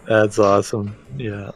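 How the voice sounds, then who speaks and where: A man's voice: on the low side, breathy edge. A man hosting a podcast, giving short agreeable replies. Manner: brief, agreeable responses. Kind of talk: casual podcast chat.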